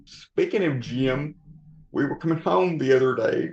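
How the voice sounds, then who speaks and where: A man's voice: mid-range voice, measured pace, darkish tone, a little hiss or hum. A man joins a live stream over a video call, telling a story in a casual, wry way. His audio comes through dull and lo-fi, with a roomy echo around it. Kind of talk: casual chat.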